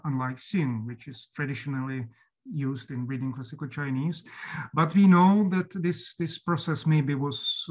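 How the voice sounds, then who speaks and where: Hesitant, higher-voiced male lecturer. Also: muffled recording. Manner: hesitant, many fillers and restarts. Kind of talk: academic lecture.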